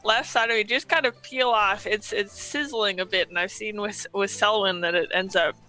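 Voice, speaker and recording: A woman playing a tabletop game, talking through her move hesitantly with many pauses and fillers. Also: medium pitch, steady tone, sharp tone, faint music behind. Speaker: player. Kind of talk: casual tabletop play.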